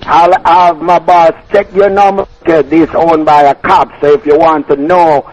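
A man's voice: a little high, steady tone, normal speed, darkish tone. A man working at a restaurant answers a call and speaks bluntly and firmly, cursing back at the caller. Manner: firm, blunt, curses back. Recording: dull phone line.

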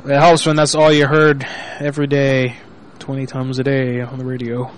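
A man talking casually and crudely as a show host, teasing and mock-indignant in quick bursts. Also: medium pitch, monotone, a little hiss or hum, rough recording. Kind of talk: casual crude talk with prank calls.

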